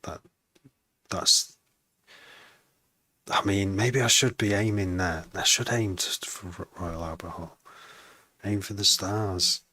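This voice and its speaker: Low-voiced man musing at his beats. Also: steady tone, takes it slowly, pauses often, sharp tone, no echo. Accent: slight Wrexham. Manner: musing aloud, trailing off and restarting. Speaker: music producer. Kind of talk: casual self-talk while making music.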